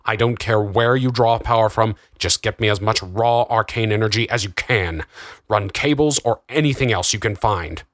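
A stern male doctor who gives curt, clipped orders, as a male narrator plays him. The voice sits low and sounds dry and close. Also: moderate pace, a bit bright, no room sound, natural voice. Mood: commanding. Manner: curt, commanding.

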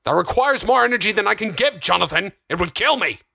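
A man's voice: lowish voice, moderate pace, a bit bright, no echo, studio quality, lightly acted. A man voicing a curt, commanding doctor in an audiobook. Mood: strained. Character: stern commanding male doctor.

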